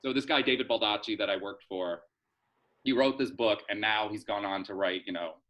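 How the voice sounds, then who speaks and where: A man's voice: lowish voice, fairly quick, a bit bright, muffled recording. A middle-aged man, a soap opera writer, chatting through a rambling story in a casual interview, full of fillers and restarts.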